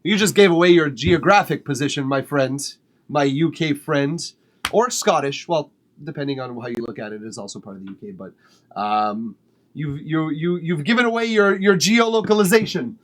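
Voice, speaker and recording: A man's voice: fairly high pitch, moderate pace. A man hosting a music feedback livestream, chatting casually and swearing freely while he eats. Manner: relaxed, chatty, swears casually, laughs often. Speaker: music feedback stream host. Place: home studio.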